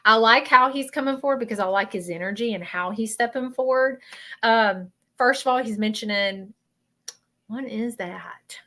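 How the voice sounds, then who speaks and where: A woman with a Southern American accent giving a live psychic reading, earnest and halting, often stopping to apologize. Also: a little high, sharp tone. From Southern United States. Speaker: psychic medium.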